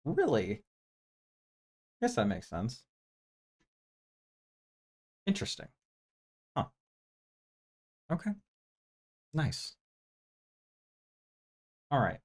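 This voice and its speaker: A man's voice: medium pitch, huge pitch swings, very slow, pauses often. A man hosting a live stream, casually reviewing movies in a rambling, laid-back way full of fillers. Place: home room with projector.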